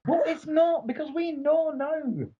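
A man's voice: extremely high pitch, unhurried, highs cut off. A middle-aged man, co-hosting a podcast and telling stories bluntly with British slang. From England. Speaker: podcast co-host. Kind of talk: casual chat.

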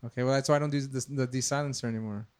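A man's voice: mid-range voice, fairly even intonation, very fast, a little mellow, clean tone. A man co-hosting a podcast, joking with friends and checking mic levels. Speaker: podcast co-host. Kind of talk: casual chat.

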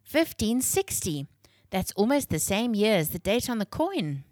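A woman voicing a clever, thoughtful boy who speaks in a bright, matter-of-fact way. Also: medium pitch, big pitch swings, a little slow, dry recording. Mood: eager.

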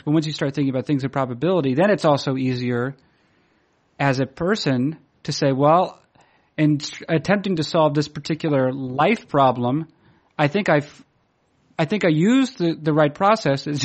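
A man's voice: on the high side, normal speed. A man from the Boston area chatting casually, rambling and hesitant, with many fillers and restarts, laughing at himself as he tells stories. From Boston area, USA. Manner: self-deprecating, laughs while telling stories. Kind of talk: casual chat.

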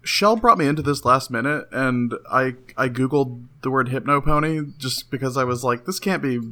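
A man's voice: mid-range voice, normal speed, pushed and bright. A man co-hosting a casual comedy podcast, telling stories in a wry, dry way. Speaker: podcast co-host.

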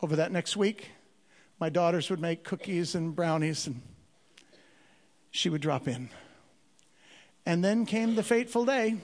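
A high-pitched man speaks as a missionary, telling his story with earnest conviction and stumbling repeats. His voice rings through a large hall with long reverb, as if addressing a gathered crowd. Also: a little slow, long pauses. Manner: earnest, repeats words when stressing a point. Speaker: Christian missionary. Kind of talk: storytelling testimony to an audience.

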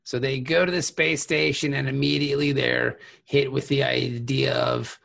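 A man's voice: medium pitch, flat delivery, moderate pace, creaky, few pauses, fairly bright tone. A man co-hosting a podcast in casual chat, joking around and slipping into mock voices. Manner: jokey, slips into mock voices. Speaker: podcast co-host.

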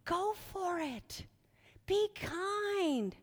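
A woman preaching a sermon, shouting commands at times and telling chatty stories with asides. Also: very high-pitched, drawn-out words. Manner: animated, shouting commands at spirits, then chatty storytelling with asides. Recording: reverberant hall.

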